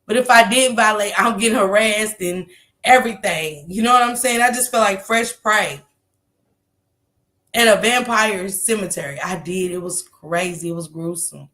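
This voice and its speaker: A woman's voice: medium pitch, moderate pace, pushed and bright. A woman telling a story to her live chat in a casual way, laughing often and acting out what other people said.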